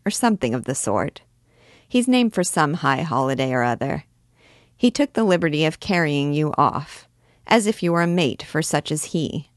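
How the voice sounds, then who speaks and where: A woman reading the part of a bold, swaggering young army captain who talks with loud self-assurance. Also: low voice, no room sound, clean studio sound.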